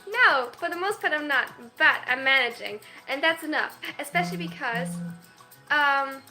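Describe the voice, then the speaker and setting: A woman in her twenties chats on a casual livestream with a high, pushed, bright voice and lively intonation. She sounds flustered, keeps cutting herself off mid-sentence, and laughs easily. Soft music plays in the background.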